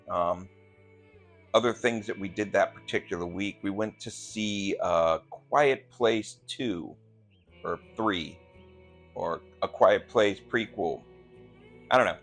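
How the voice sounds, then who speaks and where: A man's voice: low-pitched, slow pace, long pauses, a bit bright, faint music behind. A man chatting casually about his week, rambling with many ums and you-knows. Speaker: gaming channel host. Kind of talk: casual chat. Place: lives in Virginia.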